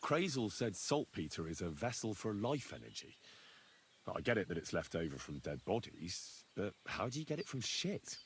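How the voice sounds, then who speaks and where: Earnest young knight-in-training from a video game, polite and curious, voice moves up and down a lot. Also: male voice, lowish voice, sing-song, moderate pace, slight background noise. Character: earnest young man, blacksmith's son turned knight. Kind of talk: game character dialogue.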